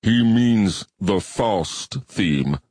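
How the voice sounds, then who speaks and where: A man voicing a slow, pedantic alien bivalve. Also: fairly low pitch, lively intonation, a little mellow, dry recording, exaggerated voice. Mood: lecturing. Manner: slow, precise, lecturing.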